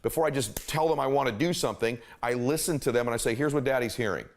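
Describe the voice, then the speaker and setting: A man's voice: medium pitch, fast. A middle-aged man giving an earnest motivational talk, emphatic and fond of repeating key phrases. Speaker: motivational speaker.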